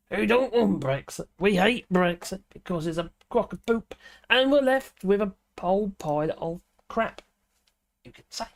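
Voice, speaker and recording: A woman with a lowish voice hosts a livestream, reading a news article aloud and interrupting it with sarcastic, mocking asides. Her speech is full of fillers and hesitations, and the studio recording is clean with no room sound.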